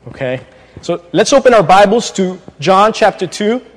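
A man's voice: high voice, animated, moderate pace, long reverb tail. A man giving a sermon as a guest preacher, with a hesitant manner full of fillers and restarts, speaking in a church. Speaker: guest preacher, pastoral intern. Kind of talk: sermon opening. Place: church sanctuary.

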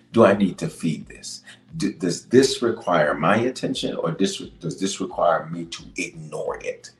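A man's voice: roomy sound, poor audio. A man preaching a sermon on leadership, reading scripture and then driving his points home with emphatic repetition. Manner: emphatic preacher with big swings in pitch. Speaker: bishop and podcast host.

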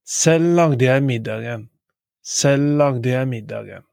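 A man teaching a language lesson, repeating each example word three times in a measured way with occasional fillers. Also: mid-range voice, vocal fry, darkish tone, dry recording. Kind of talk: slow repetitive lesson.

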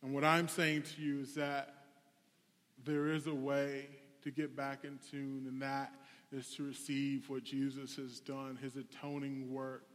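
A man's voice: mid-range voice, monotone, unhurried, fairly bright tone. Preaching man in a reverberant hall. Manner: storytelling, conversational and candid. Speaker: pastor. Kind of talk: sermon.

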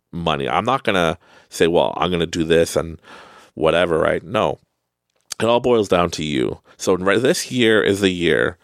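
A man with a Canadian accent hosting a podcast, giving a casual motivational monologue, animated and laughing often. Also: low-pitched, vocal fry, no room sound, clean studio sound. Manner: animated, laughs often, tags lines with "right?". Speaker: podcast host.

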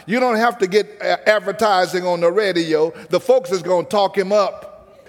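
A man with a high voice preaches a sermon in a rhythmic cadence, now and then calling on the congregation to answer back. His voice rings out with a long reverb around it. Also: moderate pace.

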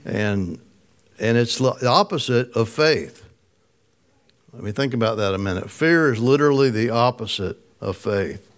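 A man's voice: medium pitch, lively intonation, unhurried. A man preaching a casual, conversational sermon, chuckling often and putting questions to his listeners. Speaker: pastor.

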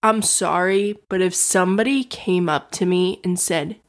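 A woman's voice: fairly low pitch, unhurried. A woman co-hosting a casual podcast chat, frank and swearing, laughing often. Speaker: podcast co-host.

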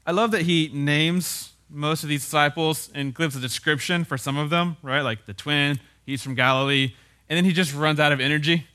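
Bright-voiced male pastor preaching casually. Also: a little high, steady tone, moderate pace, clear, resonant tone. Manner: casual and wry, with frequent "right?" tag questions. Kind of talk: conversational sermon.

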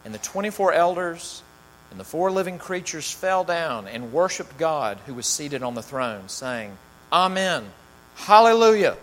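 Scripture comes first, read with rising emphasis, and then this pastor prays and talks loosely, using fillers. His voice is fairly high with lively intonation and a moderate pace. A long hall reverb and faint mains hum color the recording.

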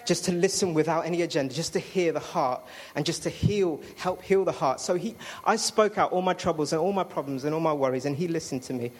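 A man's voice: a little high, a little fast, few pauses. A man giving a chatty personal testimony to a congregation, with fillers and restarts. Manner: chatty storytelling with fillers and self-interrupting apologies.

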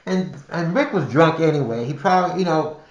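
An older man casually tells a personal story for a podcast, rambling, restarting and repeating words. His voice is fairly high and quick. The recording sounds muffled, with a roomy echo.

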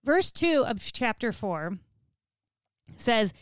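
A woman's voice: on the high side, takes it slowly, smooth, no room sound. Chatty woman teaching the Bible. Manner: chatty, laughs often, animated paraphrase.

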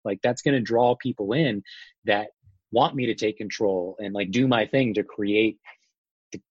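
A man's voice: on the low side, moderate pace, darkish tone, slightly rough, no room sound, lo-fi sound. A man who works as a wedding photographer, chatting casually in an interview, rambling with lots of fillers.

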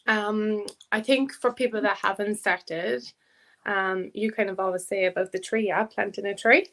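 A woman's voice: mid-range voice, fairly even intonation, normal speed, a bit bright. A woman chatting casually as a podcast guest, laughing often and acting out what people said. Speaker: fitness academy student, guest.

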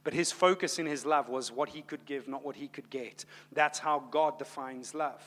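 Male pastor, dynamic sermon delivery, swings quiet to loud; tense bright tone, echoing hall. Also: medium pitch, normal speed. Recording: long hall reverb.

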